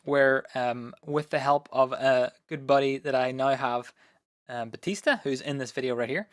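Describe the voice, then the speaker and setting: A man hosts a live stream from his home studio, talking loosely and filling the gaps with ums and uhs. His voice is of middling pitch and sounds a little hoarse, picked up close and dry. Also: moderate pace, no room sound. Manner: relaxed, rambling, many fillers. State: voice going hoarse. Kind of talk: casual live stream chat.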